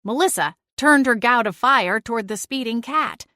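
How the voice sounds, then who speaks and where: Woman narrating a lively fantasy audiobook. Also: fairly high pitch, moderate pace, no echo, clean studio sound. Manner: lively, dramatic storytelling. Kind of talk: first-person audiobook narration.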